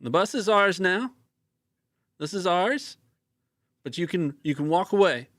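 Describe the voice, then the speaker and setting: A man voicing a gruff road warrior who bargains with an enemy, in a put-on Australian accent that he knows is bad. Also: animated, unhurried, no echo. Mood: bold bargaining. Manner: loud, high-pitched, self-consciously hammy.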